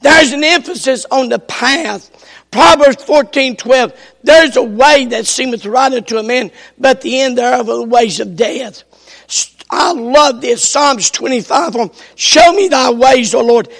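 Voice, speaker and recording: A male preacher delivering an emphatic sermon in a church, his voice strained and interrupted by coughs, repeating his refrain and rising to shouts. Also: very high voice, a little slow, gravelly, long reverb tail. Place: church sanctuary.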